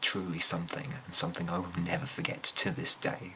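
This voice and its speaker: A young man with an English accent telling rambling, amused school stories in a soft-spoken ASMR style, often slipping into whispers and hesitating with fillers. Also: low voice, completely flat delivery, brisk, gravelly, a little hiss or hum, poor audio. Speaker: ASMR storyteller.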